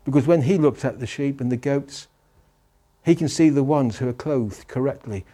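A male pastor preaching a sermon, asking rhetorical questions and pausing for emphasis. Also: medium pitch, mellow.

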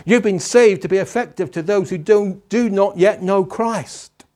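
A male pastor preaching a sermon, asking rhetorical questions and pausing for emphasis. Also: high-pitched, darkish tone.

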